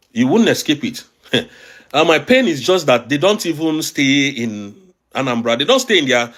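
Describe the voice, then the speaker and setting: A man's voice: mid-range voice, a bit bright. A man with a Nigerian accent giving emphatic, agitated political commentary as an online show host, often repeating phrases. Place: abroad, recording a video.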